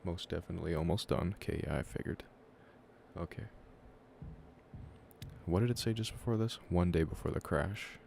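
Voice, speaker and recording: A young man with a low, mellow voice talks loosely to his viewers while playing a story game. He chats in a relaxed, offhand way between reading the game's lines aloud. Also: moderate pace, vocal fry, long pauses, slight background noise. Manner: relaxed chatter, reads game dialogue aloud. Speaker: streamer. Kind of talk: casual live-streamed game playthrough.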